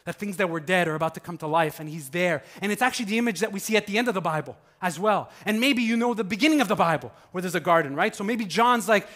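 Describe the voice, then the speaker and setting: A male pastor preaching a sermon in a conversational, animated way, swinging from loud emphasis to hushed passages. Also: sits high, fast talker, hardly any pauses.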